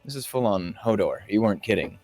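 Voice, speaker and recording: A man playing a tabletop game, excitable and quick to swear and laugh. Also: fairly low pitch, no room sound, soft background music. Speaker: player. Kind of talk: casual tabletop play.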